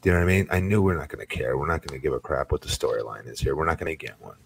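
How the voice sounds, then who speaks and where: A man's voice: rumbling low, lively intonation, very fast, gravelly, slight background noise. A man co-hosting a casual podcast, blunt and opinionated. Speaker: podcast co-host. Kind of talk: casual chat.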